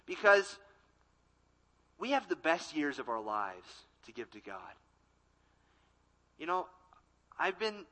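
A young adult man, a college ministry pastor, delivering a sermon with emphatic repetition and quick acted-out quotes. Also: fairly high pitch, pushed and bright, poor audio.

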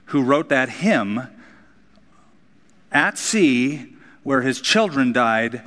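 A man's voice: medium pitch, sing-song, slow, long pauses, fairly bright tone. A man preaches from the pulpit in a mid-range voice, earnest and conversational one moment and emphatic the next. His words ring out with a long reverb, as in a large church sanctuary. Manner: earnest preaching, shifting between casual asides and emphatic peaks. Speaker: pastor. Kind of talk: sermon.

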